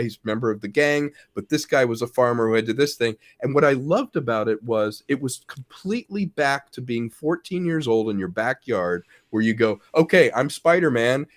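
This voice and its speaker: Animated middle-aged man telling stories. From Wisconsin. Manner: animated storyteller, acts out quotes with big pitch swings and laughs. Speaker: guest actor. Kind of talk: casual interview chat.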